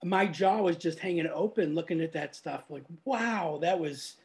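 A woman's voice: on the low side, moderate pace, vocal fry, a little mellow. A woman from Florida in her fifties with an American accent, hosting a podcast in a chatty way, laughing often. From Florida, USA. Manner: chatty and laughing, with many restarts. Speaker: podcast host. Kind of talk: casual interview chat.

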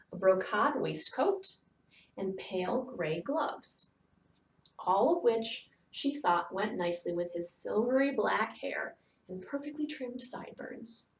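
Woman narrator, storybook read-aloud, steady and soft, echoey room, mic set back. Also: mid-range voice, takes it slowly, distant mic, slight background noise. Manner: steady storytelling, softening to near whispers. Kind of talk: children's book read-aloud.

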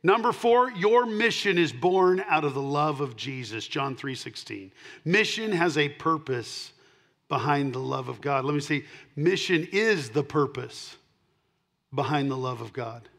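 A man preaching a sermon, his voice sitting a little higher than most men's. He moves from loud, punchy declarations to soft, low asides and repeats his key lines to drive them home. He sounds middle-aged and speaks as a pastor to his congregation. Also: animated, measured pace, vocal fry. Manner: emphatic, swinging between loud punches and quiet asides.

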